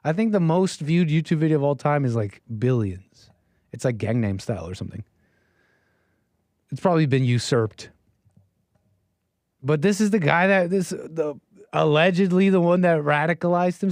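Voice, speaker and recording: A man's voice: a little high, animated, normal speed, pauses often, darkish tone, no room sound, studio quality. A man hosting a call-in show, giving casual, mocking, incredulous commentary as he reacts to text he reads aloud. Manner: incredulous and mocking, with frequent chuckles.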